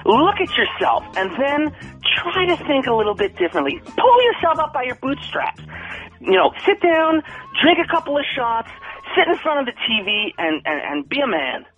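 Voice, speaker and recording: A man giving a friend loud, preachy tough-guy advice over the phone, with blustery bravado. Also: extremely high pitch, very animated, normal speed, highs cut off, soft background music.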